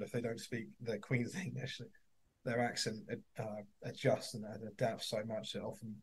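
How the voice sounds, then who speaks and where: A man's voice: on the low side, slightly rough. A man hosting a football coaching podcast, asking questions in a chatty way and telling anecdotes. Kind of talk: casual conversational interview.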